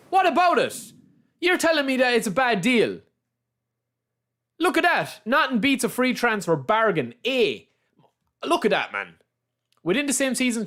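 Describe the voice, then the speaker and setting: A young Irish man giving chatty, excitable live commentary as he plays a game on stream, calling out to his viewers. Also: high-pitched. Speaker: gaming livestreamer. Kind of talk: casual live commentary over gameplay.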